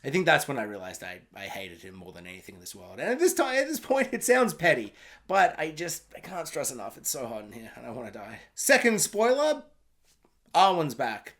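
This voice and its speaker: A man's voice: medium pitch, very animated, fairly quick, fairly bright tone. A man giving a rambling, sarcastic film review rant, mocking and swearing freely.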